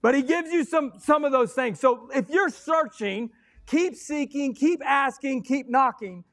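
Man, pastor, sermon, fiery and excitable, sudden yells, high voice, dry sound. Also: unhurried, no echo, faint music behind. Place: church sanctuary.

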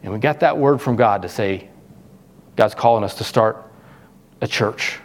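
A middle-aged pastor preaching a sermon, animated, his voice jumping up when he acts out questions to God. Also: a little slow. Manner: animated, voice jumps high when acting out questions.

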